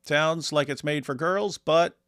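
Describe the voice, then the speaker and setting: A man's voice: a little high, unhurried, fairly bright tone, dry recording, clean studio sound. A man hosting a livestream, reading viewer comments aloud and teasing his guest in a wry, casual way. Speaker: host.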